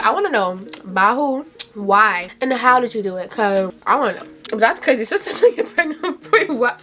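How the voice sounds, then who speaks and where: A woman's voice: on the high side, a bit bright. A young woman from Brooklyn with a Brooklyn New York accent, chatting casually and giggling a lot as she reacts on her vlog. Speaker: vlogger. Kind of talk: casual chat.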